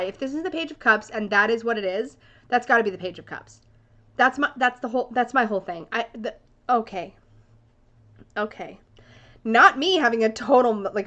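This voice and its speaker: A woman's voice: on the high side, fairly bright tone. Gushing, bubbly woman vlogger. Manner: gushing, bubbly, talks to viewers like a friend. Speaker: tarot deck reviewer. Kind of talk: excited casual vlog review.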